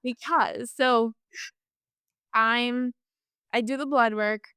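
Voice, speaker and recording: A woman guest telling a personal story in a casual interview, chatty and animated, with lots of fillers and restarts. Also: on the high side, takes it slowly, clean tone, no echo, clean studio sound.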